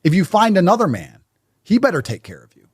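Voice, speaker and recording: A man talking as a podcast guest, blunt and insistent. His pitch sits a little high and swings widely as he presses each point. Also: huge pitch swings, a little fast, breathy edge. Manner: blunt, emphatic and stubborn in tone. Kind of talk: casual podcast conversation.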